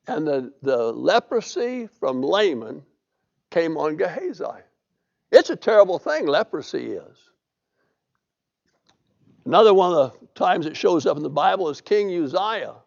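A man's voice: on the high side, very animated, a little slow, gravelly, long pauses. A man preaching a sermon, telling the story in a folksy way and reading scripture aloud. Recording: dull lo-fi recording.

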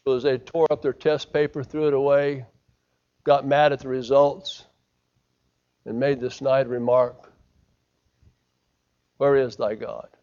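An American man preaching a sermon, swinging from loud emphasis to hushed delivery and acting out quoted lines. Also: mid-range voice, little pitch movement, a little slow, pauses often, smooth, dull audio. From United States. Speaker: pastor.

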